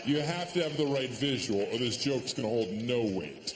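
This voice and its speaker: A man performing a stand-up comedy set on a stage, sarcastic and deadpan, with sudden loud put-on voices. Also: medium pitch, moderate pace, long reverb tail. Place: comedy stage before a live audience. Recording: live stage recording with audience noise.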